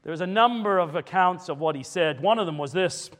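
A man with a high voice preaches a sermon, telling history in a loose, conversational way with digressions and self-corrections. A long reverb hangs behind him as in a large hall. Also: lively intonation, fairly quick, fairly bright tone.

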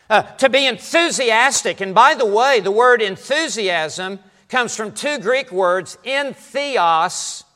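A man's voice: high voice, sharp tone. Emphatic preacher man in an echoing hall. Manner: emphatic, builds to fired-up peaks, frequent restarts. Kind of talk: expository sermon. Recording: long hall reverb.

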